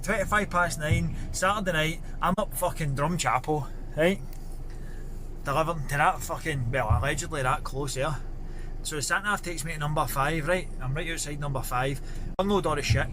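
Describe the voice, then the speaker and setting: A man's voice: fairly high pitch, background noise. A man with a Glaswegian Scottish accent, a delivery driver telling a blunt, sweary story to camera.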